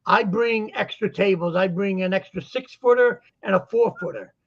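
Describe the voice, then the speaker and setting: Boston-accented man, chatty joker, high pitched, slightly muffled sound. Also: normal speed, gravelly. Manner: joking, animated storyteller. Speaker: guest vendor. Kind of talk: casual chat. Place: lives in Florida.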